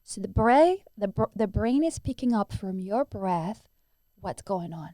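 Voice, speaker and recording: A woman's voice: mid-range voice, lively intonation, measured pace, dark tone, no room sound, clean studio sound. A woman who teaches breathwork, answering interview questions earnestly and demonstrating breathing sounds as she explains.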